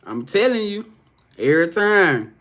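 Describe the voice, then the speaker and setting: A man's voice: high voice, big pitch swings, measured pace, fairly bright tone. A young man chatting casually on a live stream as a psychic reader, loose and profane, rambling with many restarts and reading out viewers' comments.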